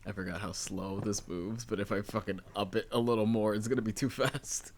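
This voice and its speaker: A man's voice: lowish voice, steady tone, brisk. A young man casually chatting and joking while playing a game, swearing now and then. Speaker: let's play co-host. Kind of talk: casual gaming chat. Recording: faint noise and clicks.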